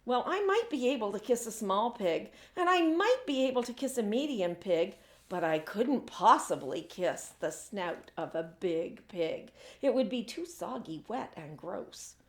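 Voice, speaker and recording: A woman's voice: medium pitch, sing-song, measured pace. A woman reading aloud, voicing a fussy, reluctant male school principal who protests in a flustered way. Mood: protesting. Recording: echoey room.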